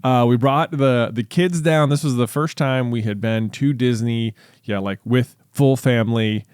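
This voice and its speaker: A man's voice: mid-range voice, fairly even intonation, unhurried, a little mellow, smooth, dry recording, studio quality. A man in his thirties co-hosting a podcast, telling stories in an easygoing casual way with fillers. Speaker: podcast co-host. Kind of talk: casual chat.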